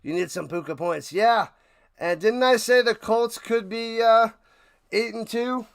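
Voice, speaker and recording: Man, high voice, gravelly, clear, excitable casual play-by-play host, loud bursts of hype. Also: a little slow. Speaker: watch party play-by-play host. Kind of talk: casual live play-by-play and chat with viewers. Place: home room, his man cave.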